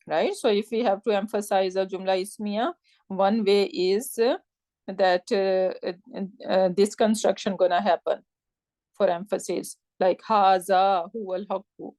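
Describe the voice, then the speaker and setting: A woman teaching a live grammar class, explaining step by step and often checking with "right?", in a warm, encouraging tone. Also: medium pitch, fairly even intonation, unhurried, no room sound. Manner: warm encouraging tone with religious phrases.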